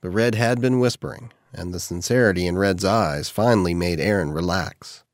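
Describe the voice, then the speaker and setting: A man reading an audiobook in steady, measured scripted narration. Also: deep voice, no echo, studio quality.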